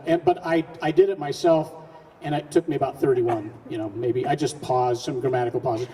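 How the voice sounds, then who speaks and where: A man's voice: fairly high pitch, mellow. A man giving an earnest, folksy public speech to a live audience, asking rhetorical questions and often restarting his sentences. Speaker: speaker at a public event. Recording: distant mic in a reverberant hall.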